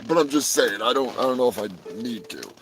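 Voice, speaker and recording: A man's voice: mid-range voice, lively intonation, a little fast, rough recording. A man hosting a rambling comedic livestream, crude and joking, often trailing off into mumbles. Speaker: livestream host. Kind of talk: rambling comedic live chat.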